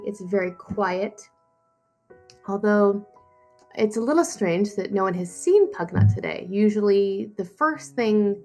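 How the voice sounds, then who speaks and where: A woman runs a tabletop game, narrating at an unhurried pace. Her pitch is middling and she pauses on little fillers. Faint music sits underneath. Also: a little mellow. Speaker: game master.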